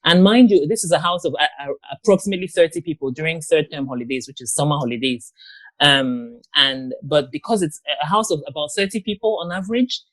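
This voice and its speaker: A grown woman giving an interview guest's personal account, talking in a halting way with many pauses and restarts. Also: low-pitched, fairly bright tone, no echo. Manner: halting, with frequent ums and restarts. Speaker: guest, abuse survivor and author.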